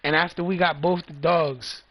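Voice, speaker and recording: Casual vlogger man, gravelly and slightly high-pitched, rambling and profane. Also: steady tone, normal speed, fairly bright tone, dry recording. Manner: loose, profane, repeats himself. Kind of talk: casual storytelling.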